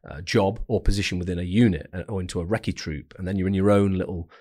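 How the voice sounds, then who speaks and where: A man's voice: low voice, fast talker, husky. A British man in his thirties telling stories from his military career in a casual interview, blunt and profane. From United Kingdom. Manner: frank, swears often, animated storytelling with acted-out quotes. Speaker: podcast guest, former special forces sniper.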